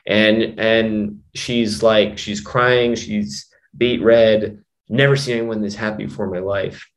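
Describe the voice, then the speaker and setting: Low-voiced man telling a rambling story. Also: level tone, slow. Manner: rambling, full of "you know" and "like", frequent restarts. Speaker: hypnotist and mind coach, guest. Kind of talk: casual storytelling in a podcast interview.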